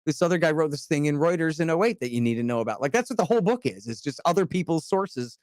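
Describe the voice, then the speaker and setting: A man in casual podcast chat as a guest author, talking in an animated, emphatic way with casual swearing. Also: a little high, fast talker, no room sound, studio quality.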